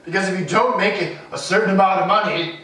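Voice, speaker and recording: Guest spot: high-voiced man, self-deprecating rambler, distant mic in an echoey room. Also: fast talker, sharp tone. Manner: self-deprecating, wanders off on tangents. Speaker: street artist guest. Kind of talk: rambling interview chat.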